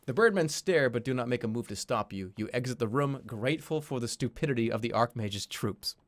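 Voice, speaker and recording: A man's voice: mid-range voice, fairly quick. A man streaming a game, reading its text aloud and joking in casual commentary. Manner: animated, jokey and swearing.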